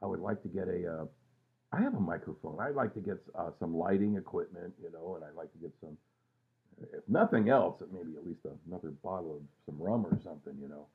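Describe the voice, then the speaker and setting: A man's voice: low-pitched, a little fast. A man in his sixties rambling casually and self-mockingly at home at night, trailing off with lots of fillers. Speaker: vlogger. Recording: tinny phone-like sound.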